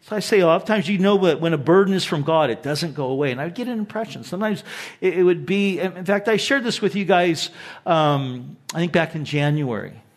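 Male pastor, 60s, higher-pitched, animated storytelling sermon with hushed emphases. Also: a little fast.

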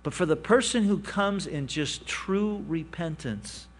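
A male pastor delivering a sermon, animated in his storytelling, rising for emphasis and dropping to quiet asides. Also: a little high, measured pace.

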